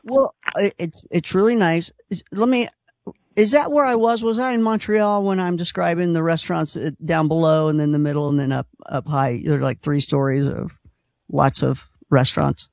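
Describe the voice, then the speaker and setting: Call-in radio host, male, slight Kentucky twang, gravelly, eager and chatty. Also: on the high side, fairly even intonation, moderate pace, no room sound, muffled recording. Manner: chatty and enthusiastic, repeats himself. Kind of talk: casual call-in radio chat.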